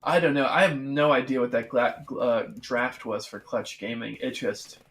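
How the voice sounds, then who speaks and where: A man's voice: medium pitch, moderate pace, a bit bright. Rambling man co-hosting a gaming podcast. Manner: rambling, full of fillers like "I mean" and "like". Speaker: podcast co-host. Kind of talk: casual chat about esports.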